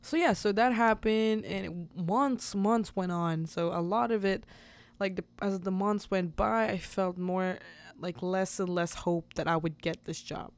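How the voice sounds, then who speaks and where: A woman hosting a podcast, telling a personal story in a chatty, animated way, laughing often and acting out the dialogue. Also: mid-range voice, measured pace, smooth. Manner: chatty with many fillers and restarts. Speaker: podcast host. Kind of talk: casual storytelling.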